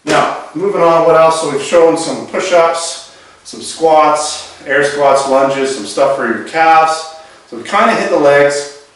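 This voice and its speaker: A fitness instructor over forty speaks slowly in a fairly high, somewhat bright voice while walking through home exercises. He chats loosely, restarts his sentences, and gets slightly breathless with the movement. The recording is very echoey, captured by a far-off camera.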